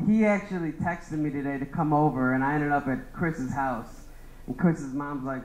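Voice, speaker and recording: A man's voice: on the high side, normal speed, roomy sound, poor audio. A young man doing a rambling stand-up roast of his friends, laughing at his own jokes. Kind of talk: open-mic roast set.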